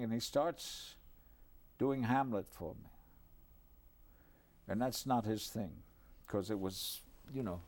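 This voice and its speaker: An older man telling a personal anecdote in a lively, animated way, dropping low for his asides. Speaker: storyteller. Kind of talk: anecdotal storytelling.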